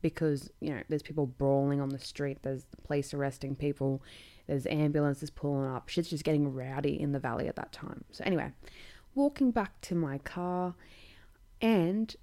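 Low-voiced sweary Australian woman. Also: steady tone, brisk, mellow. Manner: blunt, sweary, laughing asides. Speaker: podcast host. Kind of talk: casual comedic storytelling.

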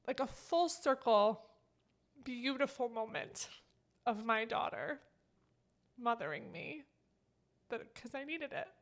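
A woman co-hosting a podcast speaks with a high, fairly bright voice. The chat is casual and heartfelt, emotional in tone, and she rambles with plenty of fillers.

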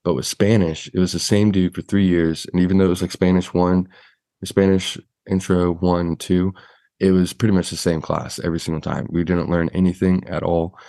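A man's voice: sits low, fairly quick, no echo, clean studio sound. A man hosting a casual interview, chatting loosely with lots of filler words. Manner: relaxed, uses many fillers like "like". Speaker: podcast host.

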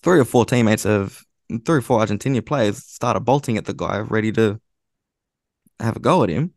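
A man's voice: on the low side, animated, normal speed, creaky, darkish tone, no echo, clean studio sound. A man, a guest on a sports podcast, making blunt points in casual chat and swearing offhandedly. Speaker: football writer, podcast guest.

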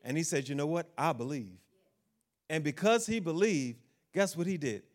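A man's voice: on the high side, lively intonation, moderate pace. A man preaching a sermon, asking the congregation questions and acting out the figures of the Bible story in quotes.

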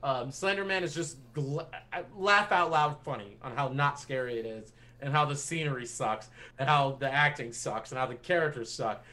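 A man's voice: mid-range voice, normal speed, hardly any pauses, pushed and bright. A man co-hosting a casual movie podcast, giving blunt, emphatic opinions and repeating points for effect. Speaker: podcast co-host.

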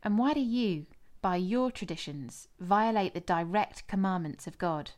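A woman voicing Jesus as a calm, firm, earnest male teacher in a scripture reading. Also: mid-range voice, a little slow, natural voice.

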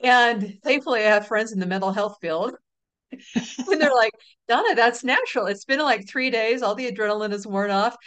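A middle-aged woman, an author being interviewed, telling stories in a relaxed, laughing way. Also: on the high side, normal speed. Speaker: author and guest. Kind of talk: casual interview chat.

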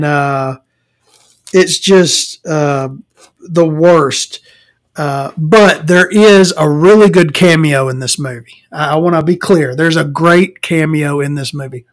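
A man ranting about a movie in a rambling, sarcastic, profane way, laughing at his own jokes. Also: a little high. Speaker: movie reviewer. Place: home recording, eating and drinking.

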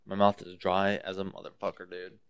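Low-voiced young man ranting casually. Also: monotone, a little fast, a little hiss or hum. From Montana. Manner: profane, rambling, fired up. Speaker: podcast host. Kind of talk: casual solo podcast rant.

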